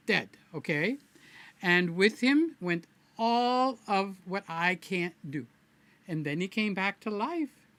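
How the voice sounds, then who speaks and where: A man's voice: sits high, pushed and bright, dry recording. A man hosting his own live stream, chatting casually and playfully with viewers by name in a rambling way. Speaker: livestream host.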